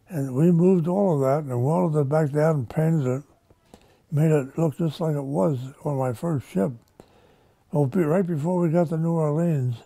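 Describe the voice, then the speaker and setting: An elderly man in his nineties recalls his wartime service in a folksy, rambling way. His voice is gravelly and very dark, a little higher than most men's, and the sound is dry and close. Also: dry recording. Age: 90s. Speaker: war veteran interviewee. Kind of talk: oral-history interview.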